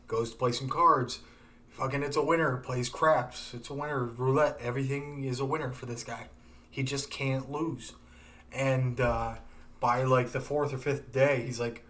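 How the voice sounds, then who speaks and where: A man's voice: medium pitch, little pitch movement, measured pace, a bit bright, far from the mic. A man hosting a podcast, retelling a TV episode in a loose, profane way with many fillers. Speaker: podcast host. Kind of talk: casual chat.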